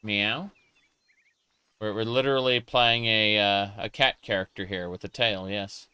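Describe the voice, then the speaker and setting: A man chats his way through a game stream, playful and joking as he reads chat aloud. His voice is low and clear, and he takes his time. The sound is dry and close. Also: steady tone, unhurried, bright, forceful tone, no room sound. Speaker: gaming streamer. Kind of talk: casual live gameplay commentary.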